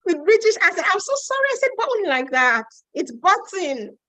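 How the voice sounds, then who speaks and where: Bright-voiced Nigerian woman answering live questions. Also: very high voice, big pitch swings, brisk, no room sound, rough recording. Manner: chatty, reads out questions, frank and teasing. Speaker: host answering viewer questions on a live stream. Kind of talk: casual live Q&A.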